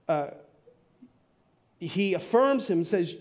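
A middle-aged man with a fairly high voice preaches a sermon in church. He talks earnestly, drawing out key phrases slowly, then rushing through asides to the congregation. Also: animated. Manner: earnest, preaching with slow emphatic stretches and quick asides. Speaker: pastor. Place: church sanctuary.

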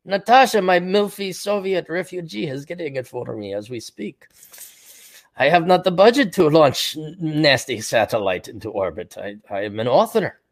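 A man putting on a made-up foreign accent to play a campy, pompous villain in his lair, speaking slowly and grandly. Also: a little high, expressive. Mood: grandiose.

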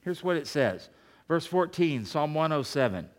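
A man preaching a sermon as a pastor, animated, half-singing lines of an old hymn. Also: on the high side, moderate pace. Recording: long reverb of a large hall.

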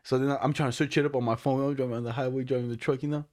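A young man telling a story in rapid casual chat, the words tumbling out quickly. He rambles in loose slang and keeps stacking up fillers as he goes. His voice sits at an ordinary middle pitch. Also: fairly even intonation, darkish tone. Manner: rambling, slangy, lots of "like" and "you know". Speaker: delivery worker telling stories.

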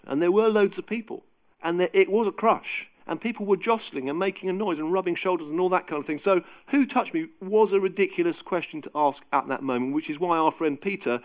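A man preaching a sermon in an animated, conversational and emphatic way. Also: fairly high pitch.

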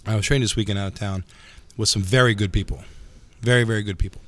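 Animated man telling grappling stories. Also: on the low side, quick pace. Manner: animated storyteller, repeats words as he talks. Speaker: jiu-jitsu instructor. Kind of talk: casual podcast chat.

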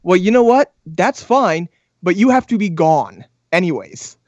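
A man co-hosting a casual podcast chat, starting his points haltingly with repeated words. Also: high-pitched, very animated, darkish tone, no echo. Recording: dull, slightly lo-fi sound.

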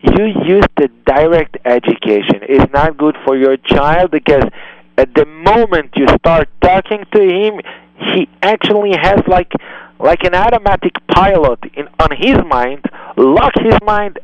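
A man's voice: fairly high pitch, expressive, a little slow, dry recording, highs cut off. A man hosting a radio advice show, giving earnest, emphatic parenting guidance in slightly non-native English. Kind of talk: call-in advice talk.

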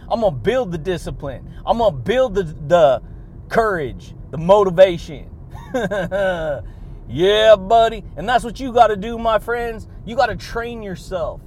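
A man hosting a motivational podcast, hyped and energetic, laughing between phrases and calling his listeners buddy and baby. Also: high-pitched, a little hiss or hum. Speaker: podcast host. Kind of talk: motivational monologue.

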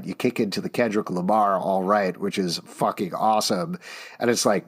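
A middle-aged man hosting a podcast, excitedly breaking down a movie trailer in casual chat. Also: fairly low pitch, breathy edge. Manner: enthusiastic, quick, animated asides. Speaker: podcast host. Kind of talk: casual pop-culture chat.

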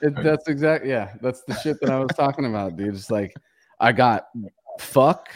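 A man with a mid-range voice, hosting a podcast in casual chat. He rambles excitedly, trailing off and swearing a lot as he talks. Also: medium pitch, moderate pace, no room sound. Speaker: podcast host.

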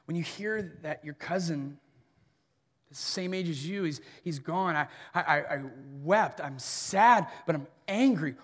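Guy in his 30s preaching, high voice, earnest, long echo off the hall. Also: animated, measured pace. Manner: earnest, swings between soft and forceful. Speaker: pastor. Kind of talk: sermon.

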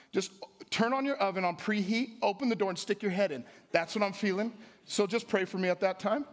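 A man with a high, bright voice preaches a sermon in a church. He jokes often and turns to the crowd with prompts, swinging between playful asides and rising, emphatic lines.

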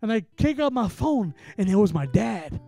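A middle-aged man preaching a sermon, telling a story in a hushed voice and then rising to loud, emphatic declarations. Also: high voice, very animated, normal speed, vocal fry, no room sound, soft background music.

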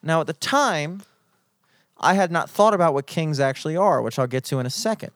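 A young man spins a story in a loose, profane chat, his voice pitched a touch high and full of mock outrage. The sound is close and dry, with no room around it. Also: expressive, fairly quick, fairly bright tone, no room sound.

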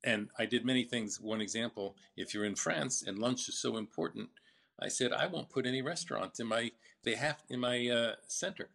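An older man recounting his business story in a casual interview, halting with fillers and restarts. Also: mid-range voice, creaky, fairly bright tone.

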